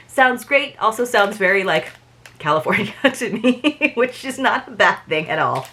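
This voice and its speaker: Lively chatty woman unboxing gifts. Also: fairly high pitch, normal speed. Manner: chatty, rambling asides. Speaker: unboxing vlogger. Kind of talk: casual unboxing chat.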